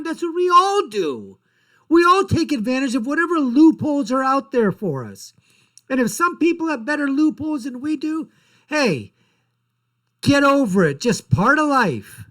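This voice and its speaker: A man's voice: extremely high pitch, a bit bright. Blunt, sarcastic male commentary host. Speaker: political commentary show host. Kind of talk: ranting political commentary.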